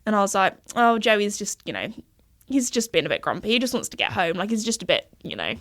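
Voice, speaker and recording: A woman's voice: mid-range voice, very animated, brisk, a bit bright. A young woman hosting a podcast, chatting casually in a rambling way and laughing often. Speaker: podcast host. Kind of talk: casual chat.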